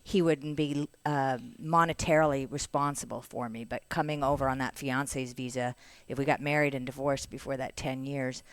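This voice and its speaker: A middle-aged woman from Canada, a podcast guest, telling an animated story in casual chat and acting out the voices of others. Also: rumbling low, moderate pace, hardly any pauses, no room sound.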